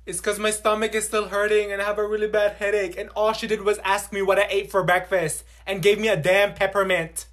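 A man's voice: high-pitched, level tone, brisk, few pauses, a bit bright. A man voicing a whiny, rebellious teenage schoolgirl complaining to her teacher in a comedy sketch.

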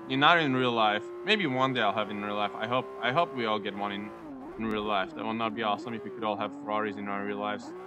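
A young man giving casual, excitable commentary over a racing game, joking and giggling as he drives. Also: lowish voice, noisy background. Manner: excitable, giggly, jokey running chatter. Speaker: gaming YouTuber.

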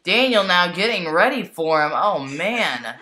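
A woman calls a toy wrestling match like a ringside commentator, keeps exclaiming and talks straight to the folks at home. Her voice sits a little low for a woman but has a bright, forceful edge. She takes her time between the big calls. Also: animated, measured pace. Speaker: play-by-play commentator.

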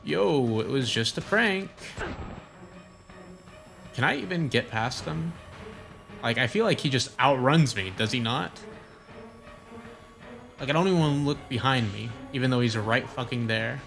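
Gravelly young man cracking crude jokes. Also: medium pitch, lively intonation, a little slow, pauses often, a bit bright, soft background music. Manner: crude, sarcastic, joking reactions. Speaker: gaming voice-over streamer. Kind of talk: casual let's-play commentary.

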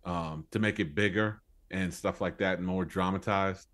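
A man's voice: low voice, steady tone, normal speed, a bit bright. A man co-hosting a film review podcast, talking casually and earnestly in long running sentences. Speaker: podcast co-host.

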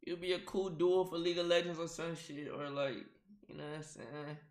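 A young man streaming a casual reaction to a video, excitable and quick to swear and burst out laughing. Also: fairly high pitch, echoey room.

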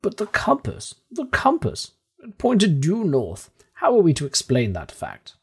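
A proud, pompous older professor, as a narrator puts him on, who lectures insistently and flies up into shrill indignation. The voice sounds husky and swings widely in pitch. It suits an old-fashioned adventure storybook. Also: male voice, huge pitch swings, measured pace, exaggerated voice. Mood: indignant.

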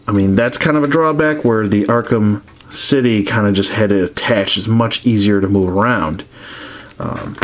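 A man's voice: on the low side, a little hiss or hum. A man casually reviewing action figures, rambling with many restarts and frank complaints.

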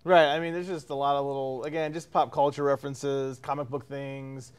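A man in a casual film review chat, agreeing readily and adding quick points. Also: medium pitch, little pitch movement, clear, resonant tone. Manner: agreeable, quick back-and-forth with affirmations.

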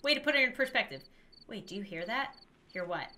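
A woman's voice: mid-range voice, fairly quick, a little hiss or hum. A woman hosting a gaming video, giving playful commentary, joking sarcastically and reading game dialogue aloud. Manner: expressive, sarcastic, reads game text aloud. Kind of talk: playful let's-play commentary.

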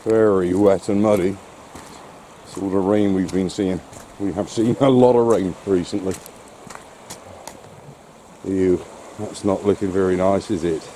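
A low-voiced, mellow man strolls outdoors with his dog, making dry, wry asides as he goes. Faint outdoor wind and water noise sits under his voice. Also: steady tone, unhurried, pauses often. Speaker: dog-walking vlogger. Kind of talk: casual walking commentary to his dog. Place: outdoors on a wet shore and woods.

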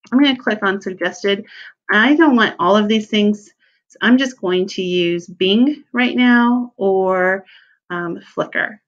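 Lo-fi woman walking through a tutorial. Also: mid-range voice. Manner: relaxed, thinking aloud with ums and self-corrections. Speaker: teacher giving a software tutorial. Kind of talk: screen-recorded tutorial walkthrough.

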